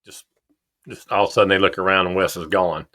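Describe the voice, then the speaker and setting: A middle-aged man, co-hosting a podcast. His voice sits low but rings bright and forceful. He tells chatty stories and laughs easily. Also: fairly even intonation. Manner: chatty, storytelling, quick laughs. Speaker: podcast co-host. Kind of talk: casual chat.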